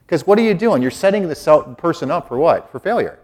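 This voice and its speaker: A middle-aged man gives a homily as a Catholic priest. He talks in a relaxed, conversational way, and his voice sits a little high and rises and falls a lot as he acts out what people say. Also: brisk. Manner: conversational, animated preaching with acted-out quotes. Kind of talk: sermon.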